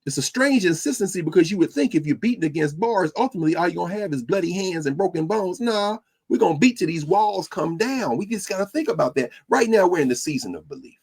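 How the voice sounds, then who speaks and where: A man teaches his podcast class in a preacherly, lecture style. His voice is a little husky and sits on the higher side for a man. His pitch swoops widely as he moves between quotes and asides. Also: expressive, fast, few pauses, darkish tone.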